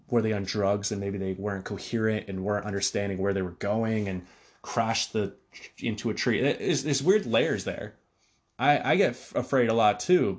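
A man hosting a solo podcast, talking casually in a rambling way with frequent fillers and restarts. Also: lowish voice. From Connecticut, USA. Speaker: podcast host.

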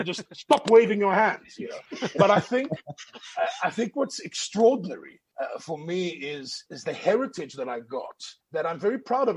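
A man telling animated anecdotes in casual chat. He is expressive, swears freely and slips into voices. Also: high voice. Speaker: guest storyteller.

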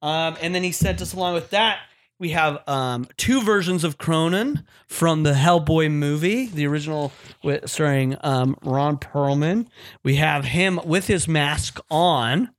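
A man co-hosting a comics podcast, laid-back and jokey, swearing casually in relaxed chat. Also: a little high, unhurried, no room sound. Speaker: podcast co-host.

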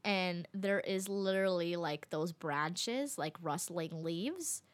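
A young woman telling a travel story to her viewers in a casual, animated way, full of fillers and little laughs. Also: lowish voice, slow, no room sound. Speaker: vlogger.

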